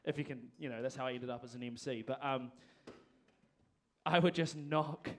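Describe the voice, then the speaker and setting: A man of medium pitch speaking at normal speed hosts a live music event from the stage of a performing arts venue. Using a handheld mic, he rambles along and makes jokes at his own expense.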